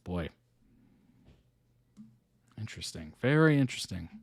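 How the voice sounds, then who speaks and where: A man's voice: lowish voice, sing-song, measured pace, vocal fry, husky, no echo. A man hosting a reaction video, reading an article aloud and musing over it casually between chuckles.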